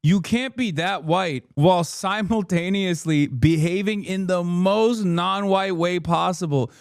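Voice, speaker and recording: A man's voice: high voice, a little slow, gravelly, dry recording, studio quality. A man in his thirties hosting a stream, giving casual reaction commentary as a profane, joking rant. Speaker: streamer host.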